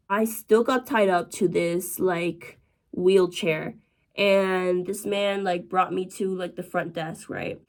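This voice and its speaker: A young adult woman telling a storytime to the camera, profane and dramatic, often calling out to her viewers. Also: mid-range voice. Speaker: vlogger. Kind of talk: casual storytime.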